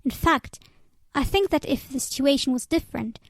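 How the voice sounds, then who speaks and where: A woman's voice: high voice, normal speed, no room sound. A woman reading a novel aloud and voicing its characters with little change. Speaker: audiobook reader.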